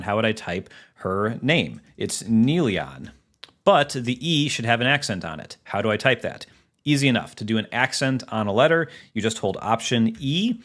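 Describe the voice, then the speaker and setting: A man with a somewhat low voice hosts a relaxed computer tutorial. He talks his way through each shortcut as he demonstrates it on screen, casual and chatty, with plenty of fillers. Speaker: tech tutorial host.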